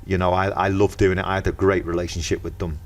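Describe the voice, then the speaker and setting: A middle-aged man with a Merseyside accent talks as a guest on a podcast, in a very low, deep voice. He tells his stories lively and casually, acting out each person's lines himself. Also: fast. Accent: Merseyside English. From Merseyside, England. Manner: lively anecdotal storyteller acting out dialogue. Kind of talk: casual chat.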